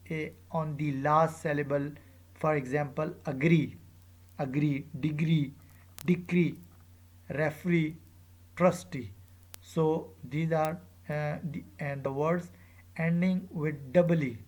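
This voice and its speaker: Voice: mid-range voice, a little mellow. An English teacher giving a pronunciation lecture, saying each example word twice and spelling out word endings letter by letter. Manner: says each example word aloud two or three times; deliberate, with spelled-out letters and frequent "uh".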